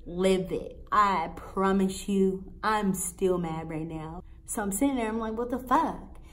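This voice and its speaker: Young woman vlogger, middle pitch, casual profane storytime rant, animated and exasperated. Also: a little slow.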